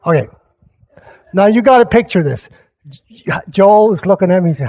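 A man's voice: high-pitched, animated, moderate pace, creaky, pauses often, a little mellow. A man who is a pastor, telling a rambling personal story in a casual sermon, often restarting and talking straight to his listeners. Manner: rambling, self-interrupting, chuckling asides to listeners.

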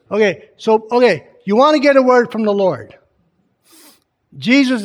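A man's voice: high-pitched, normal speed. A man preaching in a conversational teaching style, reading scripture aloud with emphasis and often quizzing his listeners with questions. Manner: keeps quizzing the congregation with questions.

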